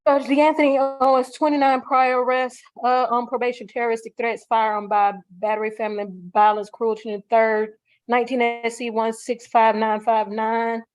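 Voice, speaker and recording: A woman with a Southern US accent reads out arrest records to the judge. She is quick and matter-of-fact, and her voice sits fairly high. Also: level tone, low-quality recording. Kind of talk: reading out records.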